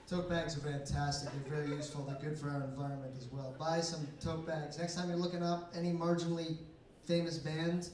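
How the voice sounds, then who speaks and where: A man in his twenties doing a stand-up comedy set with a dry, deadpan, sarcastic delivery at a comedy night in a bar basement. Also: fairly high pitch, a little fast, few pauses. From Canada. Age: 20s. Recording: echoey room, mic from far off.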